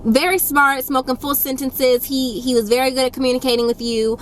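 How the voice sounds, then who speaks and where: A woman's voice: high voice, little pitch movement, fairly quick, a little hiss or hum. A young woman tells a casual storytime. She talks in a blunt, firm and sassy way and repeats her points for emphasis. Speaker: YouTube storyteller.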